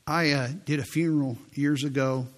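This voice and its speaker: A man in his sixties, a pastor preaching a sermon in a church, telling stories in an earnest way and slowing down for quoted prayers. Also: a little high, steady tone. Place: church sanctuary.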